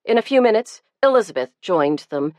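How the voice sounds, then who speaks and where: A woman narrating an audiobook in a measured, gentle storytelling manner. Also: mid-range voice, big pitch swings, no echo. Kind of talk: scripted narration.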